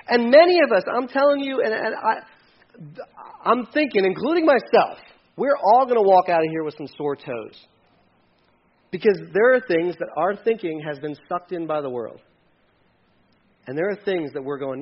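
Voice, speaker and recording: A man preaching a sermon in an animated way, acting out voices with sudden jumps in pitch. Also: moderate pace, long pauses, breathy edge, dull audio. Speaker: pastor.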